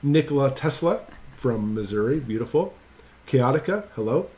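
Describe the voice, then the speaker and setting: A man's voice: medium pitch, lively intonation, normal speed, noisy background. A man hosting a casual live stream Q&A, reading viewers' names off his computer and greeting each one in an upbeat, chatty way.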